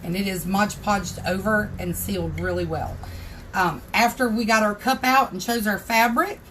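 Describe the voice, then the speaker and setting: With a mid-range, fairly bright voice at normal speed, this woman is heard over a bit of hiss or hum. Streaming a relaxed craft tutorial from the craft room in her home, she chats along and welcomes viewers by name.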